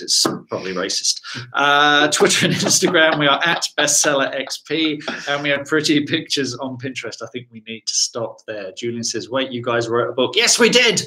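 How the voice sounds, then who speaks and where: A man's voice: mid-range voice, bright, forceful tone, rough recording. A man co-hosting a live podcast show, chatty and joking as he signs off. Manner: chatty, jokey sign-off patter. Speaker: podcast co-host.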